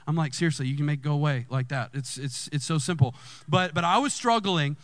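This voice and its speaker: A man, a lead pastor telling a personal story in a sermon and jumping high in pitch when excited. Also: brisk, no echo.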